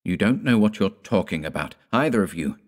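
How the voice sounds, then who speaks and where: A man's voice: deep voice, lively intonation, brisk. A man voicing a stern, commanding grown son in an audiobook, firm and gloomy. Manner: firm, brooks no argument.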